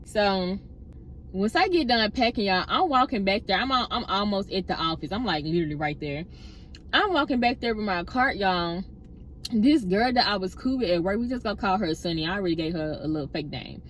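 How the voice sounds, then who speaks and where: A young woman casually telling a personal workplace story, chatty and animated, often addressing listeners directly. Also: medium pitch, fairly quick, a little hiss or hum. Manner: animated retelling with acted-out quotes.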